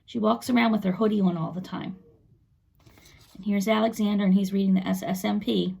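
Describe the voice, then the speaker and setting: A woman's voice: mid-range voice, creaky, slightly rough. A middle-aged woman reading a children's book aloud, chatting about the pictures and explaining the story as she goes. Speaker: read-aloud narrator for children.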